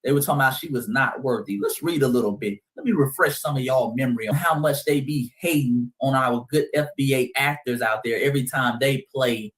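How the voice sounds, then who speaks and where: A man's voice: medium pitch, brisk, hardly any pauses. A man hosting a heated commentary monologue, speaking emphatically and calling his listeners family. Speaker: host.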